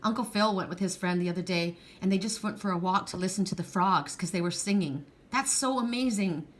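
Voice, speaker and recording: A woman's voice: fairly low pitch, fairly quick. A middle-aged woman giving a heartfelt, rambling pick-a-card reading, tearful at times. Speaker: tarot card reader.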